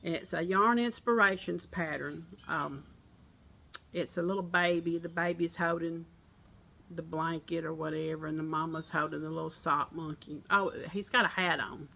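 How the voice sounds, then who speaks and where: A woman's voice: low-pitched, steady tone, normal speed, vocal fry, pushed and bright, slight background noise. An older woman with a Southern accent, chatting folksily to her viewers outdoors on a porch and laughing often. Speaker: crochet vlogger. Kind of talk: casual chat to viewers.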